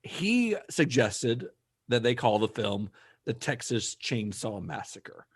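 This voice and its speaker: A man hosting a podcast, recounting history in a relaxed, conversational way with some fillers. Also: mid-range voice, slow, slightly rough. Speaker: podcast host. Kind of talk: casual chat, recounting history.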